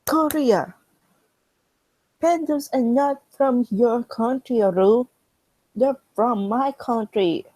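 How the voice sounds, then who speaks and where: A shrill, weepy male anime character, put on by a woman in a fan reading, who pleads loudly with a voice pushed well above her own. The dry, close sound keeps every cry up front. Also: normal speed, no echo, close to an everyday voice, low-quality recording. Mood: scolding.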